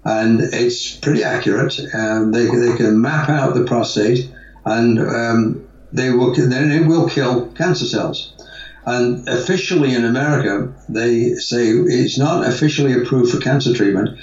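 A man's voice: mid-range voice, a little slow, a little mellow, distant mic. A man, a guest, giving long conversational answers in a rambling way, with restarts and fillers, in a roomy, dull-sounding recording made away from the mic. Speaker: guest, natural health advocate.

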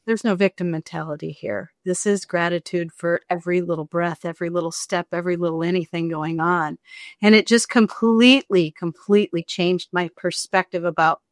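A woman's voice: on the low side, fairly quick, no room sound, clean studio sound. A woman author being interviewed, telling a personal story in casual chat and acting out the people she quotes. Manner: animated, acts out quoted voices, rambling.

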